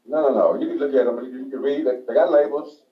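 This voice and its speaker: An easygoing man co-hosting a radio chat, calm and matter-of-fact. His voice sounds roomy and dull. He sits back from the microphone, as if heard a few steps away. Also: mid-range voice, fast talker, distant mic. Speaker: radio co-host.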